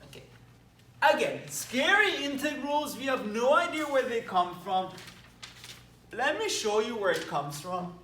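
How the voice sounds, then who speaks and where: A man's voice: extremely high pitch, animated, measured pace, pushed and bright, slight background noise. A man with a Belgian accent teaching math at a whiteboard, talking with enthusiasm and playful asides. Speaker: math lecturer. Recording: echoey room, mic at a distance.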